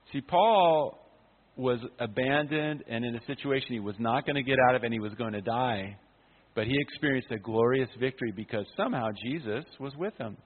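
A man, a pastor, preaching an impassioned sermon at a conference, swinging from loud to hushed. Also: medium pitch, slightly rough. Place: conference hall. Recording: phone-like sound with long hall reverb.

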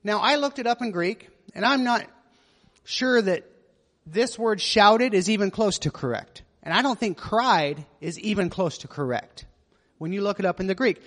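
A man with a notably high voice delivers a sermon as a pastor. He teaches conversationally, tossing in asides and rhetorical questions. His words ring with the long reverb of a large church hall. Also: lively intonation, normal speed, a bit bright.

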